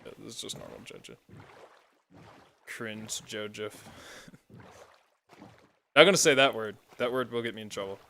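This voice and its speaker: A man's voice: lowish voice, moderate pace, long pauses, bright, forceful tone, slight background noise. A man chatting casually while playing a building game, rambling through side stories with plenty of fillers. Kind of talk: casual gameplay chat.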